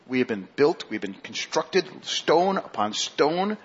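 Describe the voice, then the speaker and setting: A male pastor preaching a sermon, who asks the congregation questions and slows down to stress key phrases. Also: fairly high pitch, big pitch swings, husky. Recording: dull lo-fi sermon recording.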